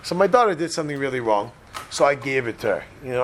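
A man's voice: medium pitch, lively intonation, quick pace, slight background noise. A middle-aged man lecturing a live audience, telling personal stories, joking and putting questions to the listeners. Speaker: speaker addressing an audience.

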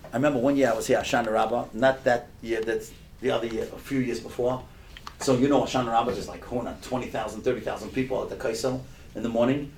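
An older man giving a sermon through stories, swinging from hushed storytelling to loud, impassioned preaching. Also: mid-range voice, fairly even intonation, fast, a little hiss or hum.

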